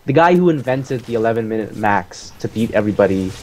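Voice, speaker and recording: A man casually explaining his own strategy game match as he plays it, relaxed, with many fillers. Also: lowish voice, quick pace.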